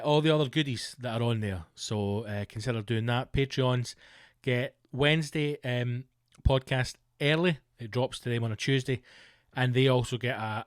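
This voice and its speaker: Rambling Scottish comedian, dry close sound. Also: male voice, mid-range voice, dry recording. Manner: rambling, jokey, self-mocking. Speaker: podcast host, comedian. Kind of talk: casual comic monologue.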